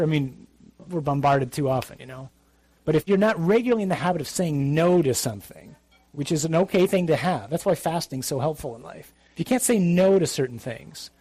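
A husky man speaks as a priest to young adults in a talk on faith, plain-spoken and emphatic, with flashes of dry humour. His voice sits fairly high for a man. The sound is close and dry, with no room echo. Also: darkish tone.

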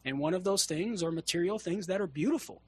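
A man's voice: high-pitched, fast talker, a little mellow, slight background noise. A man who is a guest theologian answering a caller's question on a call-in radio show, in an earnest, explanatory way with rhetorical questions.

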